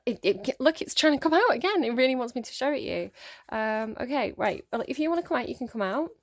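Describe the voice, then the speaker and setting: A woman's voice: a little high, lively intonation, fast. Woman tarot reader, casual chatty reading, rambling, lots of ums, at home. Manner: rambling, chatty, with frequent fillers and laughs.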